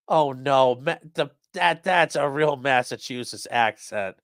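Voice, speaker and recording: A man's voice: medium pitch, a little slow, few pauses, fairly bright tone, no room sound. Casual, profane male trial commentator. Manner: loose and profane, acts out courtroom quotes. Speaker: defense attorney commenting on a trial. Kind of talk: casual live-stream commentary.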